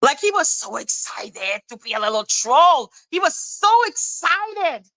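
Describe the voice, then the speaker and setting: Profane, ranting woman with a bright voice. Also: sits high, big pitch swings, unhurried, rough recording. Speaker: livestream commentator. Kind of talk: casual livestream rant.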